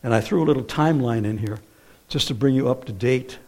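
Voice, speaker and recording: A man's voice: medium pitch, fast, a little mellow. A man preaching a sermon in a conversational way, often asking the congregation questions.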